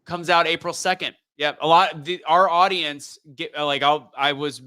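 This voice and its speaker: Smooth bright man, dry close sound. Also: on the high side, fairly even intonation, normal speed, no echo. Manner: rambling, restarts, teasing. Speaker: show host. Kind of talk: casual live-stream chat.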